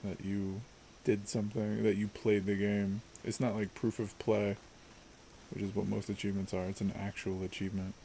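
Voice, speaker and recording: Chill guy rambling over a co-op game, lowish voice, bit of hiss behind. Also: little pitch movement, moderate pace, gravelly, warm tone. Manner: laid-back, rambling, laughs often. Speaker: co-host. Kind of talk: casual gaming chat.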